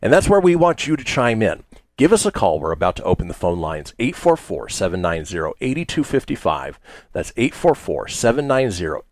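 A man from the United States hosting a radio talk show, chatting casually with lots of fillers in an animated way. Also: mid-range voice, no echo.

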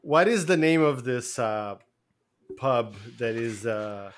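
A man's voice: mid-range voice, animated, slow pace, a little hiss or hum. A man co-hosting a podcast in jokey casual chat, laughing often. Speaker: podcast co-host.

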